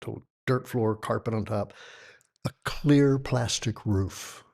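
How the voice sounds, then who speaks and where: Animated storytelling man in his sixties. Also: on the low side, takes it slowly, creaky. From Texas, United States. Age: 60s. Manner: animated storyteller who acts out quoted voices. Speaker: yoga teacher, podcast guest. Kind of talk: storytelling in a conversational interview.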